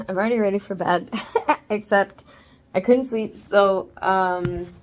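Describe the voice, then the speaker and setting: A woman's voice: mid-range voice, fairly even intonation, slow. A tired woman vlogging casually at home after oral surgery, rambling with lots of fillers and swearing freely. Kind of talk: casual late-night vlog. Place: home, bed then bathroom.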